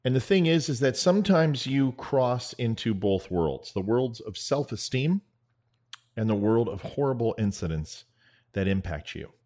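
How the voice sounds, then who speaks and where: A man hosting his own show, telling a spoken parable in an earnest, measured way with dramatic pauses. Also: mid-range voice, sing-song, a little mellow. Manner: veteran advocate. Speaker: show host. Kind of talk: spoken parable, storytelling monologue.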